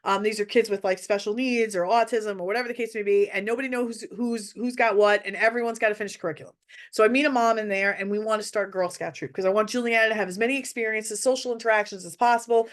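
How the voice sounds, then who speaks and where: A woman's voice: mid-range voice, fairly even intonation, fast. A mother telling a personal parenting story in a casual, candid way, often restarting her phrases. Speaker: mother sharing parenting advice.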